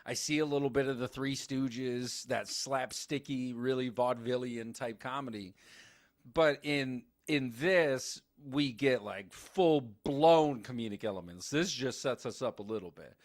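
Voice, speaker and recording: A man co-hosting a casual movie recap podcast, animated and swearing freely as he acts out scenes. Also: mid-range voice, measured pace, no room sound, studio quality. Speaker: podcast co-host.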